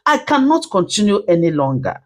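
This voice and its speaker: A woman voicing a deeply hurt wife who speaks slowly with a shaking voice, firm in refusing her husband. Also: big pitch swings, natural voice. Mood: hurt resolute. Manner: slow, voice shaking. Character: wounded wife, firm through tears.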